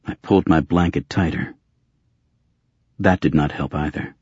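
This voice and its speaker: A man's voice: a bass voice, moderate pace, darkish tone, husky, dry recording. A man reading a first-person story aloud as an audiobook narrator, with a dry, gritty storytelling manner. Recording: dull, muffled audio.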